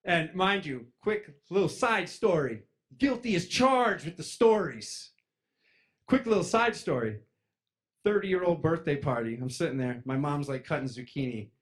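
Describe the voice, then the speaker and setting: Man telling a story with lively swings. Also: normal speed. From East Coast of the United States. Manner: lively, acts out friends' voices, jumps loud and high then drops to a mutter. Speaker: speaker telling a personal story. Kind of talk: animated storytelling to an audience.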